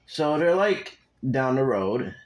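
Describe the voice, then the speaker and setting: Speaking slowly in a mid-range voice that swings widely in pitch, a young man makes up a fan story as he goes. It's casual and profane, with plenty of rambling and asides to his viewers, captured on a rough recording.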